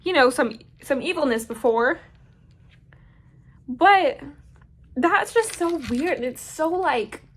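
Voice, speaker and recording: A young woman telling a storytime vlog in an animated, dramatic way, swearing freely. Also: high voice, takes it slowly, long pauses. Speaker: vlogger.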